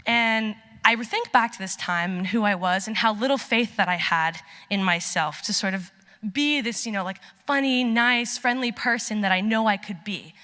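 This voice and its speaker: A young woman tells a personal story on stage, chatty and animated, slipping into the voices she quotes. Her tone is bright and clear. The sound carries the long reverb of a large auditorium. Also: mid-range voice, normal speed. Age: young adult. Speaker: student storyteller.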